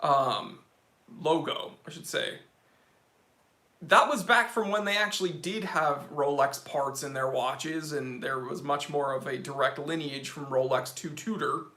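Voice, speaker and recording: A high, bright male voice reads out chat comments and riffs on them with joking enthusiasm, calling viewers bro. His sharp voice bounces around a roomy, echoey space. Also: unhurried. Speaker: watch channel host. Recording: roomy echo.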